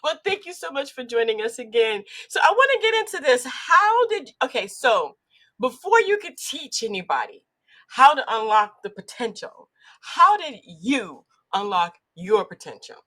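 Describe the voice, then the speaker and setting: A woman's voice: on the high side, very animated, moderate pace, sharp tone. A woman hosting an interview show, bubbly and exclamatory, laughing often as she talks. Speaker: podcast host. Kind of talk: upbeat interview chat.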